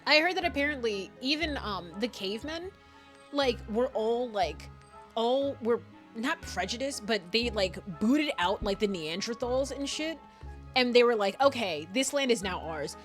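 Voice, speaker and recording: A woman's voice: on the high side, lively intonation, a little slow, soft background music. A woman in her twenties streaming a game, rambling and giggling through casual commentary with frequent swearing.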